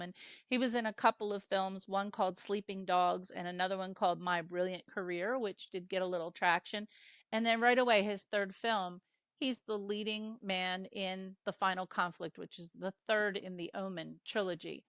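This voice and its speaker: A woman's voice: mid-range voice, steady tone, moderate pace, fairly bright tone, clean tone, no room sound. A woman hosting a casual film review chat over a video call, rambling with asides and fillers. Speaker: film club host.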